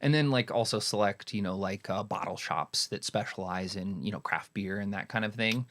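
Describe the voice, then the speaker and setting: A man in a casual podcast interview, explaining his work as a head cider maker in a relaxed, rambling way with many fillers. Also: lowish voice, moderate pace.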